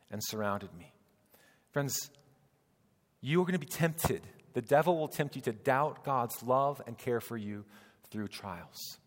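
Earnest preaching man in reverberant church. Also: medium pitch. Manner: earnest, emphatic preaching with rhetorical questions. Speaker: pastor. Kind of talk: sermon.

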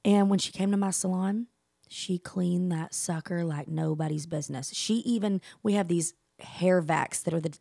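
A woman in her forties co-hosting a podcast, telling stories in an emphatic, animated way. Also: fairly low pitch, normal speed, vocal fry, dry recording, clean studio sound. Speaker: podcast co-host. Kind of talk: casual chat.

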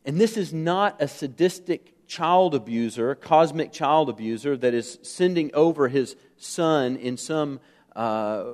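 Earnest American pastor preaching. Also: male voice, medium pitch, a little mellow. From United States. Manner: earnest, emphatic, engages the audience with questions. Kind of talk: sermon.

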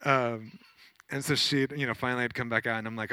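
Bright-voiced man preaching casually. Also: mid-range voice, fast, no room sound. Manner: conversational, animated, many fillers. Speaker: pastor. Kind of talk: sermon with personal storytelling.

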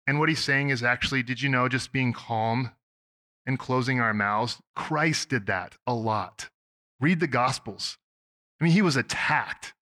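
Bright, chatty man preaching a sermon. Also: a little high. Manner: conversational, self-deprecating, with restarts and laughs. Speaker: pastor.

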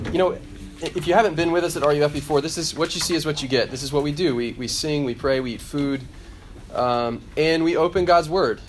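A man in his thirties preaching a conversational sermon to a student group, often repeating phrases. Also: medium pitch. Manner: conversational, repeats himself, acts out quoted voices. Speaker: campus ministry preacher.

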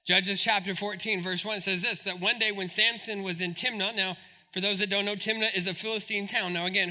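A pastor preaching a sermon in an animated, joking, storytelling way. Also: male voice, sits high.

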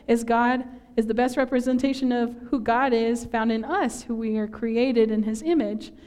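Woman pastor from northern minnesota, slightly high voice, chatty and laughing at herself through the sermon. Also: fairly even intonation, normal speed, a little mellow. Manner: chatty, self-deprecating, laughs often. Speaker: preacher. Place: church.

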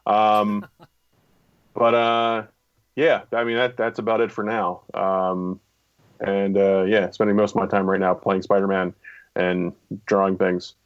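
A man's voice: on the low side, little pitch movement, a little slow, lo-fi sound. A man chatting as a podcast guest, dry and self-mocking. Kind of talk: casual chat.

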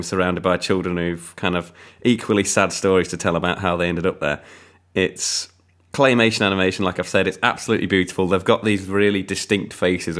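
Low-voiced man reviewing films. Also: a bit bright. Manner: rambling, enthusiastic, frequent ums. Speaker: podcast film reviewer. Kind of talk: casual chat.

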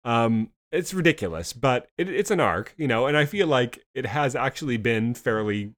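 A man's voice: medium pitch, animated, a bit bright. A man co-hosting a casual talk about TV episodes, rambling and restarting his sentences often. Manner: fast, rambling, many restarts. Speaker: podcast co-host. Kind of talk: casual TV discussion.

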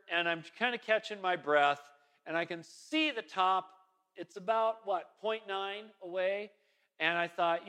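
A pastor with a high, bright voice tells a personal story from the pulpit. His talk is casual and self-deprecating, and it wanders through fillers and restarts before reaching its point. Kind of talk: storytelling sermon.

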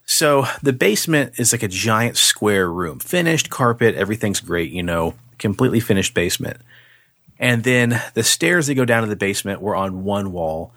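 A man co-hosting a podcast, telling a spooky story in a casual, animated way, swearing freely and acting out the voices. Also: fairly low pitch, normal speed, no room sound, studio quality.

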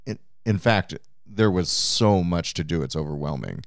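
Deep-voiced easygoing man, dry sound. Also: animated, moderate pace, creaky, dry recording. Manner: easygoing, laughs often. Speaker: podcast co-host. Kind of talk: casual podcast chat.

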